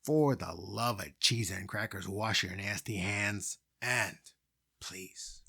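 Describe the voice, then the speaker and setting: A New co-host wraps up the show with crude, deadpan wisecracks. His voice is low and husky. The room sound is dry and close. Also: measured pace, no echo. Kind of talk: jokey sign-off.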